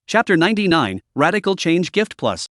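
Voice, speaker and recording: A synthetic male narrator, reading a story recap in an even, machine-like way. His pitch sits a bit high for a man, and the sound is dry and close, with no room echo. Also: moderate pace.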